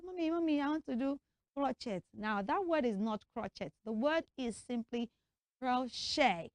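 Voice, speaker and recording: A woman's voice: fairly high pitch, no echo, clean studio sound. Woman teaching kids pronunciation. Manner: lively, coaxing call-and-response teaching. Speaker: children's TV presenter. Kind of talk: pronunciation lesson for children.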